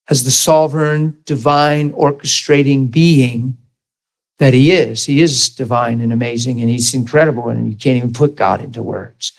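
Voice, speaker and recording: Animated preaching man. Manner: animated, rising to high emphatic questions to the crowd; storytelling, drops to soft low retelling. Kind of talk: sermon.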